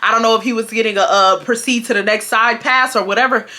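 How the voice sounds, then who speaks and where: A woman, telling a casual storytime to her viewers in a chatty, animated way. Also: a little high, quick pace. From Houston, Texas. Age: 20s.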